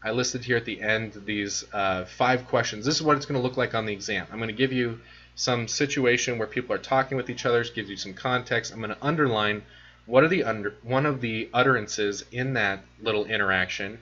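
A man lecturing in a relaxed, conversational way, explaining ideas with many ums and restarts. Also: medium pitch, brisk, muffled recording. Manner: conversational, filler-heavy explaining. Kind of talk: recorded lecture.

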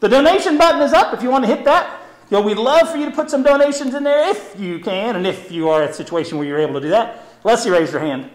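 A man teaching on a live zoo stream, his voice high and swinging widely in pitch as he chats and explains. He sounds upbeat and talkative, in an echoey room. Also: lively intonation, fast talker. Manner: chatty, upbeat, explains with memory tricks. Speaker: zoo educator, program host.

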